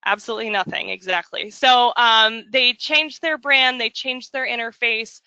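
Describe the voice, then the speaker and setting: A woman presenting a marketing webinar in a jokey, chatty way, slipping into quick voices for asides. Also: on the high side, pushed and bright, clean tone, dry recording. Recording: dull, dry lo-fi audio.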